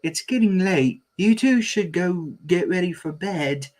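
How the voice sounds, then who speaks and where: A gentle, weary cartoon mother dog, as a man puts her on in a lifted, soft falsetto. Her lines come slow and patient, soothing her kids and nagging her husband. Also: animated.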